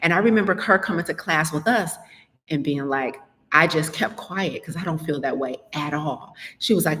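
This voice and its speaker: A woman's voice: sits low, normal speed, fairly bright tone, big-room sound. A woman health and business coach hosting a live podcast keynote, talking chattily to her listeners. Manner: chatty, conversational, addresses listeners as y'all.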